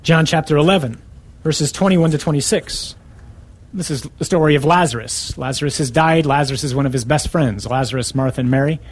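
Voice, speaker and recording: A man preaching a sermon, emphatic and punching key words with sudden rises in pitch. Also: fairly quick, breathy edge.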